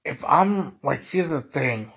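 Slow-paced but animated, a young man with a husky, fairly high, fairly bright voice vents his frustrations on his podcast. His monologue is casual and meandering, peppered heavily with "like" and "dude."

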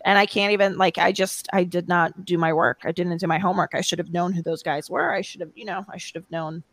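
A woman chatting as a podcast guest, talking in rambling bursts with many restarts and quick laughs. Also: fairly low pitch, steady tone, heavy background noise. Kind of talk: casual podcast chat.

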